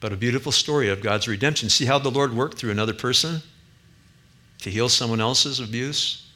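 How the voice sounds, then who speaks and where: Bright-voiced male pastor preaching earnestly. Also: medium pitch, fairly quick. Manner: earnest, rises to emphatic peaks then drops quiet. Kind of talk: sermon.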